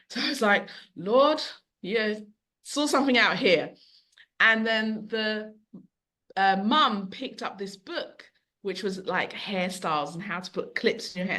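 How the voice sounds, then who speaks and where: A middle-aged woman who owns a bookshop, speaking as a podcast guest and telling long, animated stories. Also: medium pitch. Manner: animated, long-winded storyteller who acts out quotes. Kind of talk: conversational storytelling.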